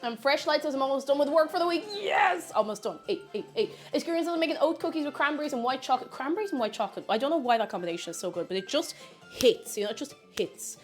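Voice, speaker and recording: Bubbly high woman streamer. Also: racing, soft background music. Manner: bubbly, chatty, reads chat aloud. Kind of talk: casual livestream chat while baking.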